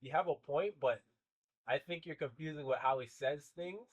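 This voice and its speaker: Quiet, measured man as podcast guest. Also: fairly high pitch, highs cut off. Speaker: guest, brother of the co-host. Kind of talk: casual chat.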